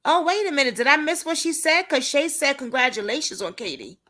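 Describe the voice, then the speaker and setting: Animated woman chatting on a livestream. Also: high voice, brisk. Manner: animated, chatty, talks straight to viewers. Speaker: livestream host and advocate. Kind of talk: casual livestream chat.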